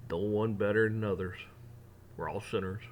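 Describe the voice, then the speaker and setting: A man delivering a heated opinion rant, mocking officials in sarcastic put-on voices and building up to near shouting. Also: lowish voice, steady tone, moderate pace, slight background noise. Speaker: rant channel host.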